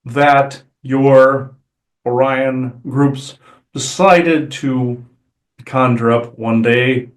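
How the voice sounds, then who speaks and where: A calm, measured Sasquatch elder of the forest people, as a man channels him. He talks slowly and formally, weighing each phrase. The sound rings in a roomy space. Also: mid-range voice, close to an everyday voice. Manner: slow, deliberate, formal delivery. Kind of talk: channeled spirit speech. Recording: roomy echo.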